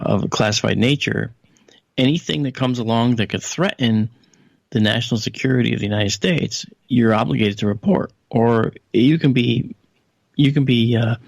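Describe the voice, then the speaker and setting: Gravelly-voiced man telling a story. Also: no echo. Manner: animated storyteller, raises his pitch to quote others; conversational with frequent fillers and asides. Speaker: guest analyst. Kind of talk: anecdotal storytelling in a radio interview.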